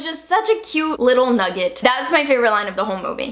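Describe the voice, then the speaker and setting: A young woman chats straight to her camera at home about a film she loved. Her voice sits high and bright, and she gushes with animated energy, breaking into squeals and then whispered asides. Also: brisk, hardly any pauses, noisy background. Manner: gushing and animated, swings between loud squeals and hushed asides. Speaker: vlogger. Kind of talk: excited movie reaction chat.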